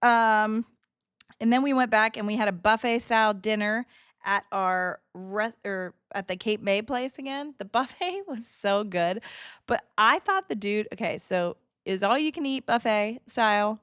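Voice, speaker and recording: A woman in her thirties chatting casually to a live chat, telling a story with laughs and quick asides. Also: mid-range voice, fairly bright tone, smooth, no room sound, studio quality. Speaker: streamer.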